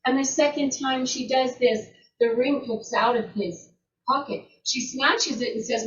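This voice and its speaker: A woman storyteller retelling a folktale in an unhurried way, repeating words and restarting phrases as she goes. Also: fairly high pitch, slight background noise. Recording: roomy, distant, dull lo-fi sound.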